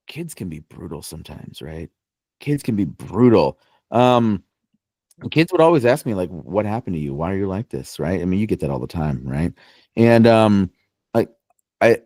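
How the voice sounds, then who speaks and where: Playful low-voiced man telling stories. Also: darkish tone, dry recording. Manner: playful storyteller, joking and teasing. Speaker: podcast co-host. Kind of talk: casual chat.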